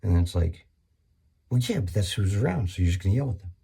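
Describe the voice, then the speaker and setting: Low gravelly guy rambling thru a comedy bit, husky and swearing a lot. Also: animated, quick pace, warm tone. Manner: rambling, profane, with many restarts and sudden high-pitched acted-out bursts.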